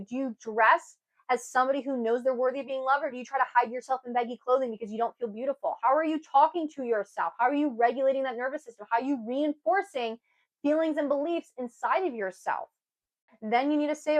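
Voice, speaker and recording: A young woman giving an earnest, emphatic self-help talk to camera, with sudden lively bursts. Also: sits high, fairly quick, rough recording. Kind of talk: casual motivational talk to camera.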